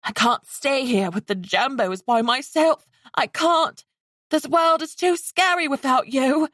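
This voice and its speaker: A woman's voice: high-pitched, very animated, very slow, no room sound, clean studio sound, voice pushed up, exaggerated voice. Woman doing a small pleading female voice. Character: small gentle female helper, frightened but caring.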